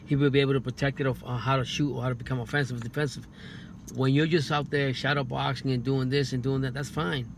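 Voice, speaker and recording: A man giving his take as a guest on a casual boxing talk show, halting, with many restarts and repeated words. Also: mid-range voice, little pitch movement, creaky, slight background noise. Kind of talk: casual podcast chat.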